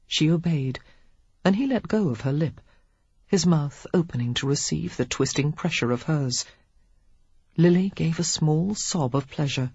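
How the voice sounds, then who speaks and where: An audiobook narrator reading a historical romance in a steady, measured way. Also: medium pitch, husky, no echo. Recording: dull lo-fi audiobook recording.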